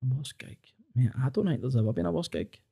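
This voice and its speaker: A man's voice: medium pitch, lively intonation, a little fast, creaky, mellow, husky. A young Glaswegian man, a stand-up comedian, telling sweary stories in casual podcast chat and laughing often. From Scotland.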